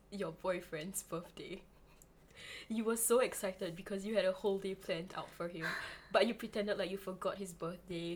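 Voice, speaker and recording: A young woman in casual chat with friends, reading a story aloud in a low-key way.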